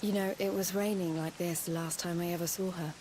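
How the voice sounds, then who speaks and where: A woman voicing a gentle young noblewoman. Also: lowish voice, fairly even intonation, fairly quick, slight background noise, lightly acted. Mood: wistful. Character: young noblewoman, the hero's gentle foster sister. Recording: game audio over clear music.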